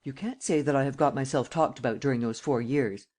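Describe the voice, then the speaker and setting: A cool, self-assured gentleman thief who speaks with calm, sardonic ease, as a male audiobook reader voices him. He lays out his schemes with dry confidence in a storybook reading. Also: mid-range voice, a little fast, natural voice. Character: cool, cynical gentleman thief, middle-aged man.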